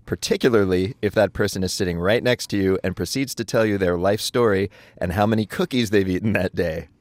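Low-voiced radio co-host with quips. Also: male voice, no room sound. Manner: quick quips and deadpan asides. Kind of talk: radio show hosting.

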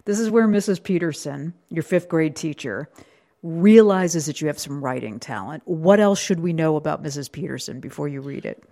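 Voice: mid-range voice, moderate pace, warm tone. An interview host leads the conversation with short reactions. The host laughs often and keeps the exchange moving.

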